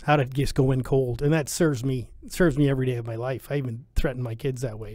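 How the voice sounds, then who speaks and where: A man's voice: medium pitch, fairly even intonation, fast talker, hardly any pauses, darkish tone, no echo, studio quality. A middle-aged man, a guest on a podcast, telling stories about his sales career in casual chat and repeating phrases for emphasis.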